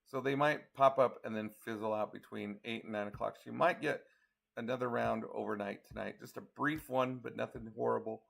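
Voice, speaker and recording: Gravelly tired man going over weather maps. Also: mid-range voice, fairly even intonation, brisk, a bit bright. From Colorado. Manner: talks through model maps, counting hours aloud. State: tired, yawning. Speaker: storm chaser giving a weather update. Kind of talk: casual live weather briefing.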